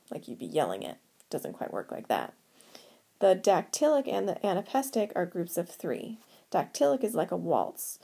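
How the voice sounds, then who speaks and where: A woman teaching poetry, speaking slowly and sounding out stressed syllables with care. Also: mid-range voice, vocal fry, dark tone, husky. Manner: slow, deliberate, sounding out stresses. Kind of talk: explaining poetic meter to students.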